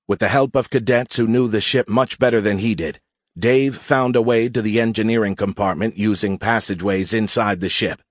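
A man narrates an audiobook in a steady, even storytelling voice. His pitch sits low. The recording is dry and close. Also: normal speed, no echo. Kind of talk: scripted narration.

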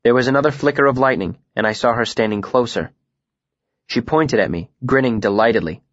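A man reading a first-person fantasy novel aloud in a measured, steady storytelling voice into a close microphone. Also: medium pitch, dry recording, muffled recording. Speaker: audiobook narrator.

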